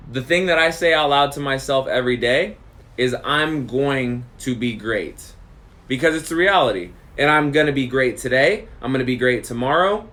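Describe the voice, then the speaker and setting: Guy doing a motivational podcast, punchy and repetitive, mid-pitched voice. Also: a bit bright. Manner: emphatic, repeats phrases for effect. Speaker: podcast host. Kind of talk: motivational monologue.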